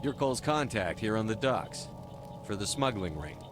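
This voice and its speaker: A man's voice: lowish voice, big pitch swings, moderate pace. An actor playing a commanding male military officer in a video game, asking terse, firm questions. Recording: game audio with music behind.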